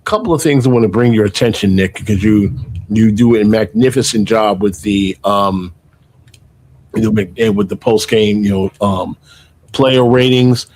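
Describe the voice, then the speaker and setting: A man's voice: on the low side, moderate pace, darkish tone. A man hosting a casual sports podcast, rambling with many fillers and restarts as he reads out stats. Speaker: podcast host.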